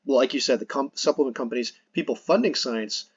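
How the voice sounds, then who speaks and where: A man's voice: medium pitch, brisk, slightly rough, dry recording, highs cut off. A man hosting a podcast, earnestly explaining his points in casual conversation, restarting phrases as he goes. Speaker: podcast host.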